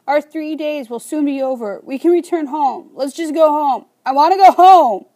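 A woman's voice: on the high side, lively intonation, moderate pace, darkish tone, pitched above the performer's own voice, close to an everyday voice. A woman voicing a tired, tearful five-year-old girl who pleads with her father in an audiobook. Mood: sobbing.

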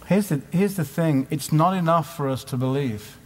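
Preacher asking rhetorical questions in a hall. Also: male voice, fairly high pitch, expressive, normal speed, hardly any pauses, a little hiss or hum. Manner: conversational, asks many rhetorical questions. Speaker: conference speaker. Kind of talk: sermon. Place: conference hall. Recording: live hall with long reverb.

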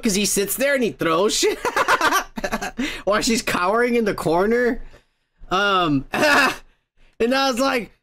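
Gravelly, slow-talking tipsy man. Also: high voice, sharp tone. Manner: laughs often, swears, rambling. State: tipsy from beer. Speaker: podcast host. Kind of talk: profane casual rant.

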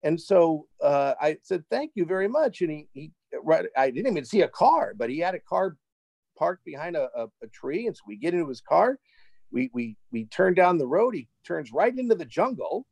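Animated man telling a travel story. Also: fairly high pitch, moderate pace, creaky, no echo, low-quality recording. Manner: animated, repeats words when excited. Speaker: interview guest. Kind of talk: casual storytelling.

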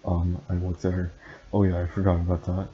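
A man reading fan fiction aloud in a deadpan way, with dry asides and stumbles over words. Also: low voice, fairly quick. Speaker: reader and commentator. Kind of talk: comic read-aloud of fan fiction with commentary. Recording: dull lo-fi sound, faint hiss.

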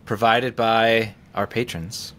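A man co-hosting a casual podcast, talking in a relaxed, rambling way. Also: fairly low pitch. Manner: relaxed, rambling, reads out loud haltingly. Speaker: podcast co-host. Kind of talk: casual chat.

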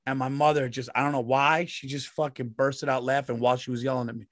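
A man's voice: medium pitch, flat delivery, fast, a bit bright, no room sound, studio quality. A man in his forties telling rambling, profane stories as a comedian co-host in casual podcast chat. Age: 40s.

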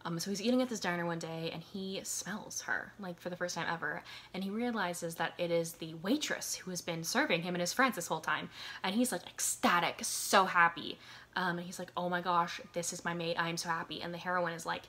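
A woman of twenty-two recommending books in a rambling casual chat, full of "like" and "um" and quick laughs. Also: fairly low pitch, sharp tone. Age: 22, college student. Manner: rambling, lots of "like" and "um", frequent laughs. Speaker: book reviewer. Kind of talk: casual chatty book recommendations.

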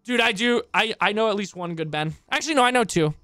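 Profane, hoarse male streamer reacting live. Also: high-pitched, expressive, fast talker, sharp tone, no room sound. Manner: profane, exclaiming, talks back at what he reads. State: hoarse from long talking. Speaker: streamer reacting to online drama.

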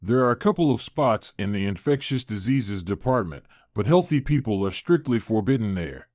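A man voicing a calm, busy hospital doctor who speaks in a matter-of-fact, polite way. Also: fairly low pitch, normal speed, no room sound, clean studio sound, lightly acted.

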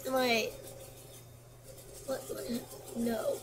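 Her voice is a little high and steady, and she speaks very slowly, pausing often. As a gameplay commentator, she reads a computer quiz's questions and answers aloud while mumbling to herself. The noisy home recording keeps things casual.

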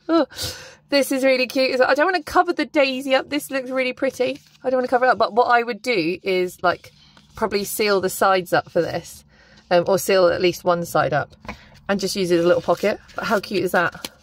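A young woman unboxing stationery in a casual, gushing vlog. She is excitable and keeps bursting into exclamations, her voice at a middling pitch. The sound is dry and close, with little room echo.

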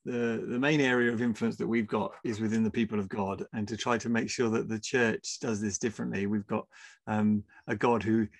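A man hosting as a pastor, speaking in a measured, thoughtful way. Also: lowish voice, fairly even intonation, no echo. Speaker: pastor, host. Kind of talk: reflective interview questions.

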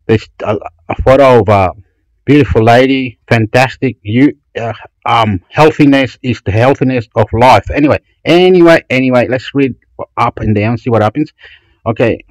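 A man's voice: medium pitch, dry recording, low-quality recording. Profane rambling man, dry close sound. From Chile. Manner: profane, rambling, frequent restarts and swearing. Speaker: channel host. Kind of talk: ranting commentary while browsing websites.

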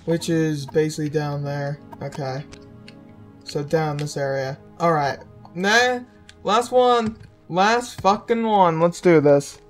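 Slow, cursing woman gamer. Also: sits low, soft background music. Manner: irritated, swearing at enemies, muttering to herself. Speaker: gameplay streamer. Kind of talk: profane let's-play commentary.

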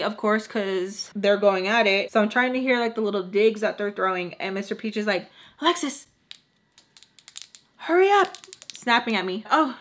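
A young woman chatting at home to the camera, telling a long personal story while doing her makeup, animated and full of "like", dropping Spanish words. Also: medium pitch. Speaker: beauty vlogger telling a story.

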